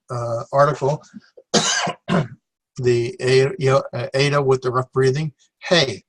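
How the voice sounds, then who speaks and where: A male teacher walks a class through Greek words at a slow, unhurried pace, his voice sitting at an ordinary middle pitch. He talks with plenty of fillers and stops now and then to correct himself. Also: fairly even intonation, fairly bright tone. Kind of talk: classroom lecture.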